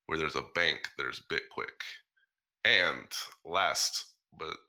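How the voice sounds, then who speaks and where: A man's voice: a bass voice, slow, sharp tone. A man hosting a podcast, reading sponsor ads in a breezy, joking way. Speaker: podcast host. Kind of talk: casual chat and ad reads.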